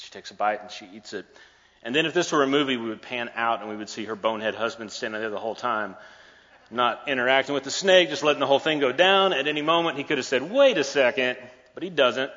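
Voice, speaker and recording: A man delivers a sermon as a playful, joking storyteller. His voice is bright and forceful, with a long hall echo. The recording is a bit dull. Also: mid-range voice. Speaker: preacher. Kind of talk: sermon retelling a scripture story.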